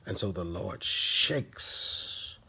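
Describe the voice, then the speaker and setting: A man's voice: deep voice, expressive, very slow, gravelly, bright, forceful tone, husky. A man preaching a devotional sermon, dramatic and sometimes dropping to a whisper for emphasis.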